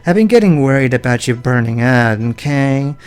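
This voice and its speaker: A man's voice: medium pitch, animated, moderate pace, smooth, close to an everyday voice. A man voicing a laid-back male hippie townsman who keeps tacking "man" onto his lines. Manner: drawls "man" at the end of lines. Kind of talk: voicing game dialogue.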